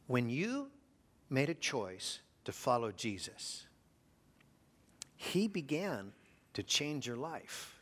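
A man preaching a sermon, asking his congregation rhetorical questions and dropping to a hush for emphasis. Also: fairly high pitch, big pitch swings, slow pace, pauses often. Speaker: pastor.

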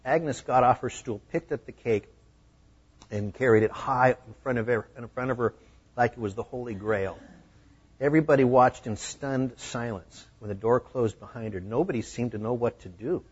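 Preacher telling a sermon story, husky, muffled lo-fi recording. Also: male voice, mid-range voice, moderate pace. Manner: animated, acting out the scenes. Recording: dull lo-fi recording.

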